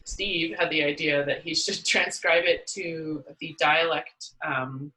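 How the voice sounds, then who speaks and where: Bright-voiced woman musing in conversation. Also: sits low, fairly even intonation, slow, poor audio. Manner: thoughtful, rambling with restarts and laughs. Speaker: poet and horn player, guest. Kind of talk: casual interview conversation.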